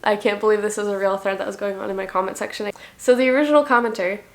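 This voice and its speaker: A woman's voice: mid-range voice, fairly even intonation, fast talker. Dry, wry young woman vlogger. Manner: dry, wry and self-mocking. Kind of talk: casual commentary reading comments.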